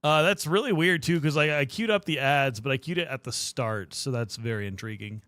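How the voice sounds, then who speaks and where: A young male streamer chats with his viewers in a playful, casual livestream, a touch out of breath. His mid-range voice moves fairly quickly with a fairly bright tone and no echo.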